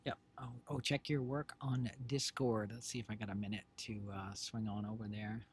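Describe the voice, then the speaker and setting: A man's voice: on the low side, little pitch movement, moderate pace, a little hiss or hum. A middle-aged man co-hosting a home livestream, chatting casually to viewers in a rambling way, with lots of fillers and self-corrections. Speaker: stream co-host and creator. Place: home streaming setup. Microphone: desk microphone with headphones.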